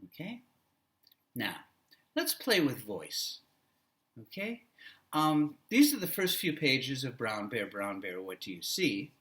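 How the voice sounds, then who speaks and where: A man training future teachers, giving a classroom lecture and demonstrating how to read aloud to children with a coaching manner. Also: mid-range voice. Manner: slow, animated, coaching tone with vocal demos.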